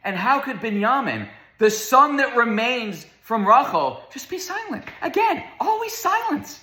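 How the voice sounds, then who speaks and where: Animated man lecturing in a roomy echo. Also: extremely high pitch, a little slow. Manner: emphatic, rhetorical questions, repeats words. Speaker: Torah teacher. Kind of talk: lecture on Torah themes.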